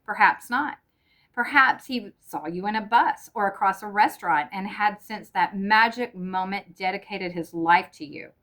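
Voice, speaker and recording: A woman reading the part of a cold, sarcastic middle-aged husband who speaks deliberately and with mockery. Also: mid-range voice, bright, forceful tone, close to an everyday voice. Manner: irritable, mocking, deliberate.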